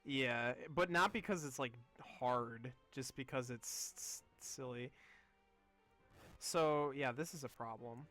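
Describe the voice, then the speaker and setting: A man's voice: medium pitch, takes it slowly, a bit bright, soft background music. A young man streaming a game, chatting casually in a rambling, amused way full of fillers. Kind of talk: casual gameplay chat.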